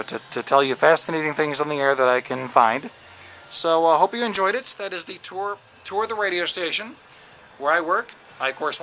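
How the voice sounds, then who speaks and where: A man's voice: a little high, a bit bright, a little hiss or hum. A man who works as a radio DJ, giving a casual, jokey walking tour of a station's offices and studios, with lots of fillers and restarts, recorded on a handheld camera indoors.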